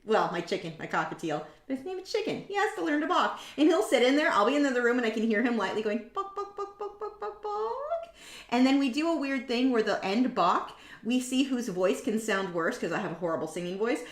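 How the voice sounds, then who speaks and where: A woman's voice: fairly high pitch, animated, fast talker, few pauses. A woman hosting a live painting demo, chatting in a rambling, self-mocking way with many tangents. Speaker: artist hosting a painting livestream. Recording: roomy echo.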